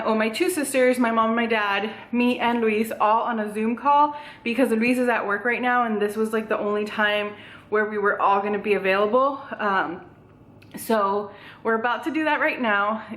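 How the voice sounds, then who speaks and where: A young woman, slightly winded, records a rambling, bubbly vlog at home on a tripod, filling it with "like" and "um." Her voice is fairly high and fairly bright, and the room echoes.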